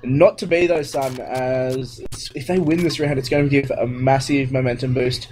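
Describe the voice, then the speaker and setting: A man's voice: mid-range voice, fairly even intonation, normal speed, darkish tone, slight background noise. A man co-casting a live shooter match, laid-back, chuckling and casual. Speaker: esports co-caster. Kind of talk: live game commentary.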